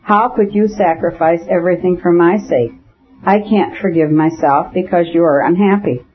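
A man reading an audiobook, voicing an earnest young nobleman who speaks in a calm, firm and persuasive way. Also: high voice, moderate pace, close to an everyday voice. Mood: anxious. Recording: dull lo-fi audiobook recording.

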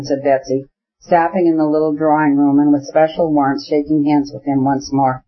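A man narrating a classic novel in an audiobook, with a measured, even reading. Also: fairly high pitch. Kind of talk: scripted narration. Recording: dull lo-fi audiobook recording.

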